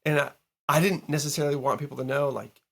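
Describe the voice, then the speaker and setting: A man as a podcast guest, a music producer telling a story in casual interview chat, animated and full of fillers and the odd curse. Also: on the high side, quick pace, gravelly. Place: home recording studio.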